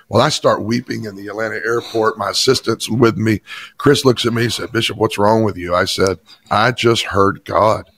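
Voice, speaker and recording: A man's voice: fairly low pitch, fairly even intonation, moderate pace, a bit bright, no room sound. A pastor from Chattanooga, a man, telling an emphatic personal testimony in an interview. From Chattanooga, Tennessee. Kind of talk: interview storytelling.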